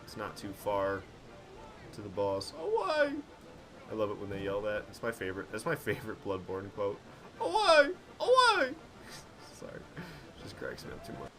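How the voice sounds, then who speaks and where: A man's voice: fairly low pitch, a little fast, low-quality recording. A man casually commentating a game he plays, joking and bantering at the characters with a giggly manner. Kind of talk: casual live gameplay commentary.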